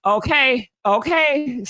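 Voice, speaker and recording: A woman hosting a live gossip stream, sassy and animated, chatting with viewers and answering comments. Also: high voice, slow, dry recording. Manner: sassy, animated, calls viewers honey and baby, laughs often. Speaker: host of a live gossip channel. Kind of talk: casual live-stream chat reading comments.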